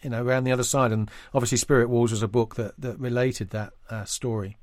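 A man's voice: mid-range voice, fairly even intonation, fast talker, darkish tone, dry recording, clean studio sound. A man hosting an interview, asking his questions hesitantly with many fillers.

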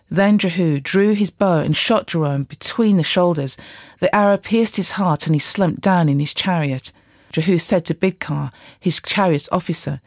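A Bible reader reading scripture aloud at a steady, even rate. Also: mid-range voice, normal speed, dry recording, clean studio sound.

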